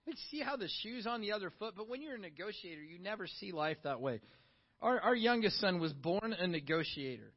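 This middle-aged pastor speaks a bit fast in a high voice, keeping the sermon casual. He peppers the congregation with questions and alternates soft asides with animated bursts; the sound is somewhat dull and lo-fi.

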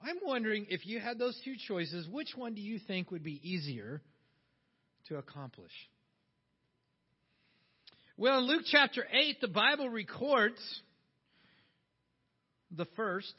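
A man's voice: sits high, very animated, unhurried, long pauses, slightly rough. A man preaching a sermon in a conversational way, putting questions to his listeners. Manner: conversational, asks the audience questions. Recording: dull sound with long hall reverb.

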